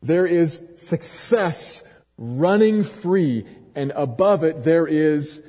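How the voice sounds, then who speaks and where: A man preaching a sermon dramatically, swinging from loud emphatic lines to low, quiet ones. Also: lively intonation, takes it slowly, slightly rough. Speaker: pastor. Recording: long hall reverb.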